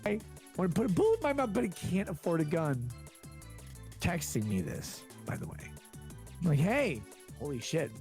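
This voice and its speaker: A man's voice: on the high side, wildly swooping pitch, normal speed, pauses often, darkish tone, faint music behind. A man on a stream speaking in a mocking way, his voice swinging wildly up and down. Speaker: live streamer.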